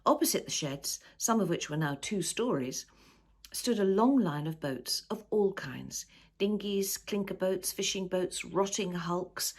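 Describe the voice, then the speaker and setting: A woman author reading her own novel aloud in an unhurried storybook style, chatting easily between chapters. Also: on the low side, expressive, slightly rough. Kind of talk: storybook narration.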